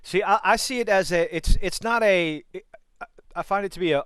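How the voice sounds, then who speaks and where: A man co-hosting a casual podcast chat over a headset, talking in animated, profane bursts with lots of restarts. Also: sits high, fast talker, no echo. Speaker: podcast co-host.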